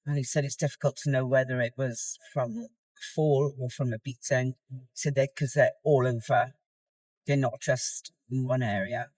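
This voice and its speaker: A woman's voice: very deep voice, fairly even intonation, normal speed, no room sound, rough recording. A middle-aged woman, talking candidly in a casual vlog while she goes about her day. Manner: rambling and candid, soft and tired at times. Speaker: competitor vlogging her contest prep. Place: in a car.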